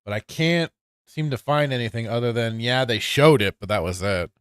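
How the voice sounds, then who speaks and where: A man in a loose, rambling podcast chat, reading chat comments aloud between laughs. His voice is smooth and clear, in a mid range, recorded close and dry with no room sound. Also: mid-range voice, normal speed, dry recording. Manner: rambling, with frequent restarts and fillers, laughs often. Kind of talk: casual chat.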